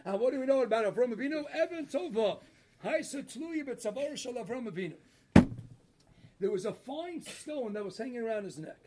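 A man with a very high voice leads a Torah lecture and strings one rabbinic story into the next. He talks in an animated, quick way and keeps laughing at his own punchlines. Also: background noise.

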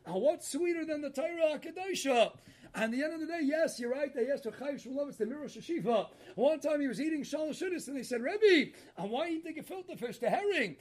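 A man teaching a Torah class, telling rabbinic stories in an animated way and laughing at his own punchlines. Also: extremely high pitch, quick pace.

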